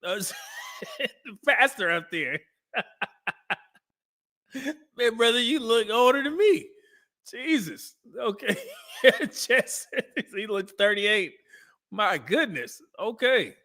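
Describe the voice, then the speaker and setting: A man hosts a casual live stream and reacts to old dating show clips. His voice sits high for a man and sounds bright and forward. He laughs often and talks straight back at the screen. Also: big pitch swings, takes it slowly, pauses often.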